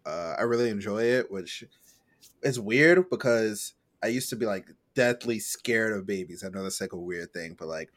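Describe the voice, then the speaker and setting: A man's voice: on the low side, animated, moderate pace. A young man chatting casually on a podcast, rambling with lots of fillers and acting out his own reactions. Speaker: podcast co-host.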